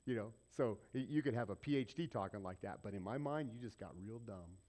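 A man's voice: on the low side, moderate pace, a little mellow. A man preaching a conversational sermon, asking rhetorical questions and repeating points for emphasis. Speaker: pastor.

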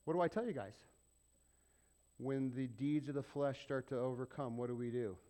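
A man's voice: mid-range voice, normal speed, mellow. A middle-aged male pastor preaching a sermon in a conversational way, firing off rhetorical questions and acting out little exchanges.

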